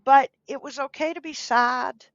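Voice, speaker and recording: Higher-voiced woman giving earnest advice. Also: steady tone, moderate pace, no room sound, muffled recording. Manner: earnest, gently advising, acts out quoted speech. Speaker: guest, dog trainer. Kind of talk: podcast interview.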